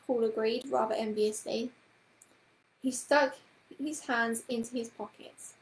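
A woman reading a children's book aloud as a storyteller, with calm, even narration. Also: on the high side, a little slow, a little hiss or hum. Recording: roomy echoing room.

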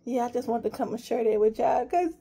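A woman's voice: a little high, fast, vocal fry, warm tone, husky. A woman vlogger in casual chat to camera, emotional and gushing, rambling with many fillers as she talks straight to her viewers.

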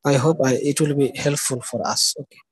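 A man's voice: mid-range voice, steady tone, a little fast, husky, no room sound, low-quality recording. A man giving a live online literature lecture, checking in often with "okay" and "isn't that".

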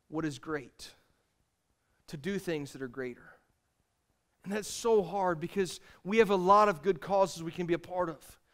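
A young adult man preaching a sermon from the pulpit. His voice sits high, and he talks earnestly, repeating his key phrases and having the congregation say them back. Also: a bit bright. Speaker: pastor.

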